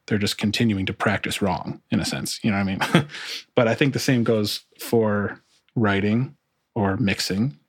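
Low-voiced man talking shop, rambling. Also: slightly rough, dry recording, clean studio sound. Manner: relaxed, rambling, many restarts and fillers. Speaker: music producer. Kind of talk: casual interview talk.

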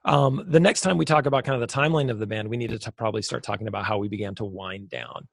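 A man's voice: on the low side, very fast, gravelly, dry recording. A man co-hosting a podcast in casual chat, rambling and joking as he wraps up. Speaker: podcast co-host; lead pastor.

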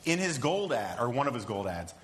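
A man's voice: mid-range voice, big pitch swings, brisk. A man telling rambling, self-amused anecdotes on a live podcast panel. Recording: live room with long reverb, faint noise.

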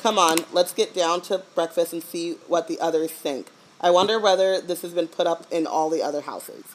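Woman, slightly low voice, podcast co-host, casual book-club chat, playful, laughs often, quick jokes. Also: rough recording.

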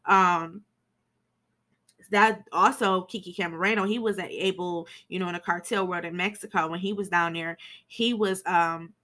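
Bright-voiced woman doing a casual recap. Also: on the low side, fairly even intonation, moderate pace. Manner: chatty, frank, swears for emphasis. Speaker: podcast host. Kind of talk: casual film recap podcast.

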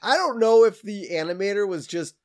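High-voiced man recapping a cartoon episode. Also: fairly quick. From Minnesota. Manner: animated, laughs often, acts out quotes. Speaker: podcast co-host.

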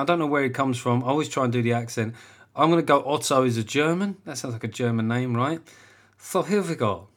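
A man from England hosting his comedy podcast alone, chatty and sweary and quick to poke fun at himself. He trips over his words at times but keeps rolling along in an even, middle-pitched voice. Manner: chatty, sweary, self-mocking, with stammered restarts. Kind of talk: casual solo podcast monologue.

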